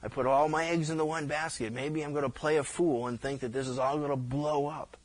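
Middle aged guy pastor, kinda high voice, rambling storytelling sermon, lots of restarts. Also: brisk. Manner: conversational, animated storytelling with repeated restarts.

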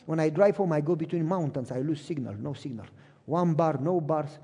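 A middle-aged male pastor preaching in a large hall, his voice carrying a long reverb. He speaks in a fairly high, slightly husky tone, telling stories with animation. He playacts both sides of remembered conversations. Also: a little fast. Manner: animated storytelling, acts out both sides of phone calls. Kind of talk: sermon with personal stories.

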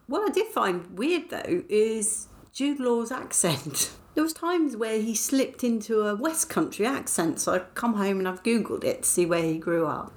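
A woman's voice: mid-range voice, very animated, normal speed, hardly any pauses. A middle-aged woman from England hosting her podcast, chatting in a casual diary style, self-mocking and laughing often. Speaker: podcast host.

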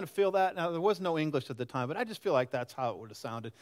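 A pastor in his sixties, whose voice sits a little high, talks fast through a conversational sermon. Lively and animated, he often puts questions to the congregation.

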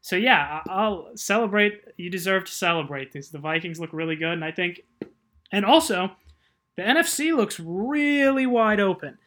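A man co-hosting a casual sports chat, measured and quick to laugh. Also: high-pitched, pushed and bright. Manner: measured, chatty, laughs easily. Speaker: podcast co-host.

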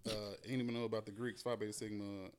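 A man's voice: lowish voice, quick pace, smooth. A young adult man, a podcast guest, telling a story in casual chat and laughing often. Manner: animated, laughing storyteller who often acts out quoted voices.

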